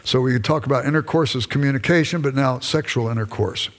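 A mid-range male voice moves at a quick pace as an older man, formerly a pastor and now a lecturer, talks conversationally to his class. He acts out pieces of dialogue with his wife throughout. Long reverb from the hall colors the audio.

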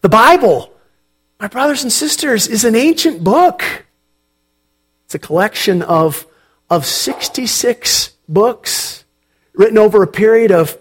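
A man preaching as a pastor, reading scripture aloud and then asking his congregation questions in an unhurried, conversational way. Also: high-pitched, slightly rough. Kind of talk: sermon.

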